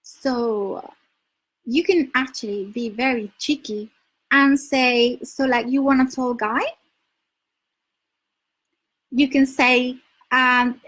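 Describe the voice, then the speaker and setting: A chatty woman with a Spanish accent talks casually to her live viewers, laughing often and answering their comments. Her voice sits high for a woman. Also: fairly even intonation, slow, pauses often, a bit bright, rough recording. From Spain. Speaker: dating advice live streamer. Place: her home in London.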